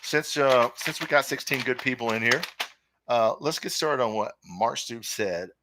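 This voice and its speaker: A man's voice: medium pitch, normal speed, noisy background. A man hosting a live sports talk stream, opinionated and rambling, reading viewer comments aloud. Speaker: podcast host.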